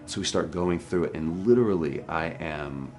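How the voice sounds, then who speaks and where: A man's voice: a bass voice, moderate pace, darkish tone. A male actor being interviewed, telling a story about a hard scene in an earnest, frank and wry way. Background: music.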